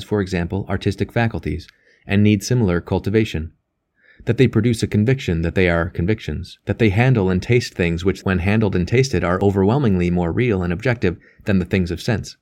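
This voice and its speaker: Brief: male audiobook narrator, low-pitched, measured delivery. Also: a little mellow. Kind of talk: audiobook reading.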